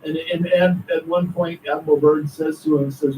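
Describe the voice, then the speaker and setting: A man talking as an author and guest, recounting a story with excited asides. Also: fairly high pitch, moderate pace, hardly any pauses, far from the mic, a little hiss or hum, poor audio. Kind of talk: conspiracy talk interview.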